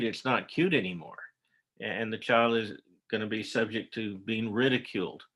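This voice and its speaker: Man, drawl, teaching a webinar, bright voice, lots of uhs and restarts. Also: mid-range voice. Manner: casual, folksy, with many fillers and restarts. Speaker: instructor. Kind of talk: online lecture.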